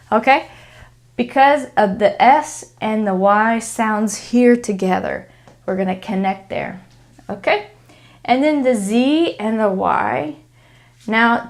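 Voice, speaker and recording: Woman English teacher, slightly high voice, slow, clear, repeats examples. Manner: frequent "okay?" check-ins. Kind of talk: English pronunciation lesson.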